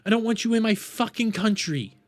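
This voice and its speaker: A man from the United States, a live streamer, ranting furiously, swearing often, shouting and repeating himself. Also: sits high, animated, fairly quick, faint music behind. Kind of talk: angry live-stream rant.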